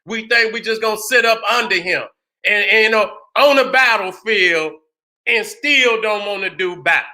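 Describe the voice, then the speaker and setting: A man hosting his own channel, delivering an impassioned, profane commentary monologue, often rising to shouts and repeatedly asking if you understand. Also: high voice, normal speed. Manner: keeps asking "you understand what I'm saying". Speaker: channel host.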